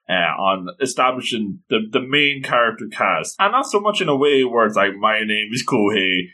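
A man casually reading through a manga chapter, gushing over it and doing quick voices for the characters. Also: a little high, pushed and bright. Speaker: manga reader and reviewer. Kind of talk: casual read-through commentary.

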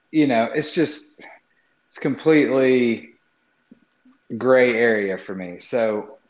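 A man's voice: medium pitch, a little hiss or hum. A man giving blunt, skeptical opinions on a college football hire in casual sports talk. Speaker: sports podcast panelist. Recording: echoey muffled room mic.

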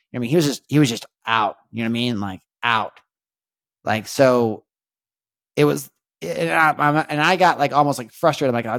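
Rambling, halting man on a podcast. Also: medium pitch, dry recording, studio quality. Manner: rambling, halting, repeats words, keeps asking "you know what I mean"; earnest, faith-minded reflection. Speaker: podcast host. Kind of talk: casual confessional monologue.

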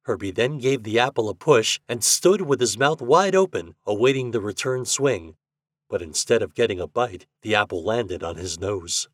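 A man's voice: lowish voice, normal speed, dry recording, studio quality. A man hosting a podcast, reading a children's story aloud and acting out the characters. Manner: expressive, acts out the characters. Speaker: podcast host and reader.

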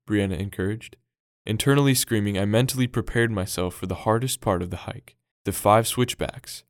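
A young man reading a scripted devotional in a calm, earnest way. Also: fairly low pitch, moderate pace, dry recording, clean studio sound. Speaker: devotional reader.

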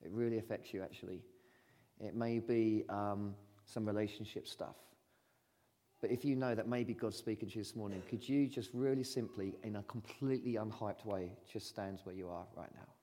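A man preaches from the front of a church, his fairly low voice carrying a long reverb through the hall. He talks in a casual, chatty way that turns gentle and pastoral. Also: moderate pace. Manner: chatty, laughing storyteller turning gentle and pastoral. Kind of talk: sermon.

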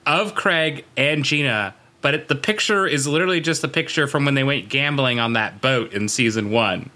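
A man's voice: mid-range voice, moderate pace, bright, forceful tone. A man co-hosting a podcast, recapping a TV episode in casual, joking chat from his notes. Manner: joking, chatty, reads from notes. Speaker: podcast co-host.

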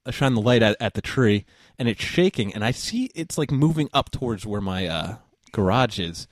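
A man's voice: fairly low pitch, expressive, normal speed, no echo, clean studio sound. A man, a podcast guest, telling a rambling story in a casual chat, swearing freely and laughing as he goes.

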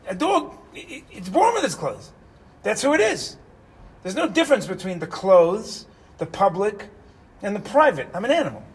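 A middle-aged man teaching Torah as a rabbi, asking rhetorical questions and moving between loud emphasis and hushed asides. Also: high voice, slightly rough, rough recording. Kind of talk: animated Torah lecture.

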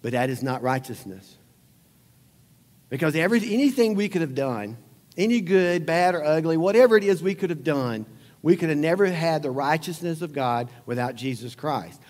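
A man's voice: a little high, lively intonation, moderate pace, a little mellow. Man preaching in a reverberant hall. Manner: conversational, rhetorical questions, repeats lines for emphasis. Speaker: pastor. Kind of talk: sermon.

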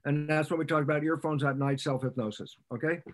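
A man speaking as a guest scientist on a podcast, an animated storyteller who repeats phrases for emphasis and acts out little exchanges. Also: fairly high pitch, fast. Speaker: podcast guest, cell biologist. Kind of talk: explanatory interview talk.

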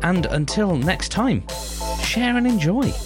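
A man's voice: high-pitched, expressive, slow pace. Man signing off a podcast over music. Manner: apologetic, chatty sign-off. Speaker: podcast host. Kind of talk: podcast outro.

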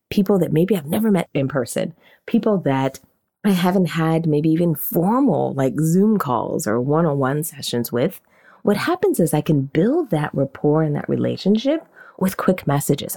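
A woman hosting a podcast, teaching in an animated, conversational way and often asking questions aloud. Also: deep voice. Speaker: podcast host and marketing coach. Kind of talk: casual teaching monologue.

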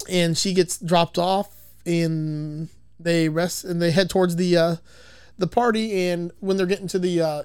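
A man's voice: sits high, clean tone. A man casually recapping a film as a podcast host, rambling, swearing and laughing as he goes. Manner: rambling, profane, laughs often. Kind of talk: casual chat.

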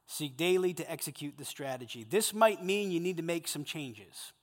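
A man preaching a sermon to a group of men, animated, swinging between loud emphasis and hushed intensity. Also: fairly high pitch, moderate pace, big-room sound. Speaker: pastor.

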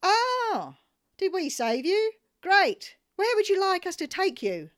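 A woman's voice: very high-pitched, big pitch swings, slow pace, fairly bright tone, voice pushed up, heavily acted. A woman voicing smug, condescending husbands who speak in a pompous, patronising way.

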